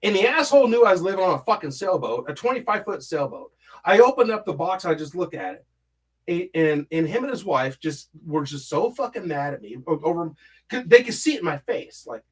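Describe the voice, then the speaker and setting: A man's voice: high voice, very animated, a little fast, slightly rough. A man hosting a casual livestream from home, reading chat and rambling through stories, swearing a lot and humming filler syllables while he scrolls.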